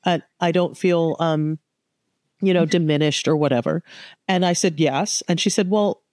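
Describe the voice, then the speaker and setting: Animated woman in her fifties, dry sound. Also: low voice, moderate pace, dry recording. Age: 50s. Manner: animated, acts out quoted dialogue. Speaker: guest author. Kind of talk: conversational interview.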